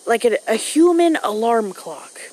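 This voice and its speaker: A woman's voice: a little high, very animated, measured pace, a little mellow, rough recording. A young mother telling a story in a blunt, profane, casual way. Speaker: mom vlogger. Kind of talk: casual monologue to camera.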